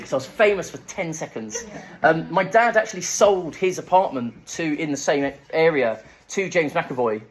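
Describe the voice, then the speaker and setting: A fairly high-pitched young man from England, telling local history as a comic talk to a live audience. He chats along with self-mocking jokes and asides to the crowd. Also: expressive, a little fast. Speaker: festival speaker. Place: live event room with an audience.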